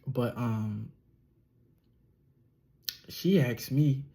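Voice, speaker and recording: A young man telling a personal story as a relaxed podcast monologue, slightly nasal and often chuckling or trailing off. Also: medium pitch, drawn-out words, gravelly. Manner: laid-back, chuckling, trails off with ums. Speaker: podcast host.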